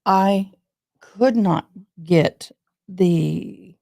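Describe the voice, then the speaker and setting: Slow, very gravelly-voiced woman. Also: mid-range voice, a little mellow. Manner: rambling, conversational. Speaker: true crime vlogger. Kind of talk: casual chat to viewers.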